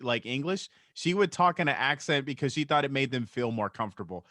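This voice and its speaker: A man's voice: mid-range voice, lively intonation, fairly quick, bright, forceful tone, no echo, clean studio sound. A man co-hosting a casual podcast, telling a work story in a laid-back way. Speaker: podcast co-host. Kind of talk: casual chat.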